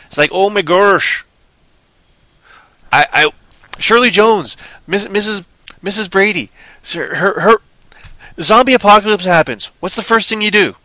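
High-pitched, ranting man reviewing movies. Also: moderate pace, no room sound. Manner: animated, ranting, sarcastic. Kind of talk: casual podcast chat.

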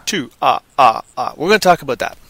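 A tired man rambling on a casual podcast, goofy, with sudden loud silly outbursts. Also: mid-range voice, animated, brisk, husky, no echo. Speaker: podcast co-host.

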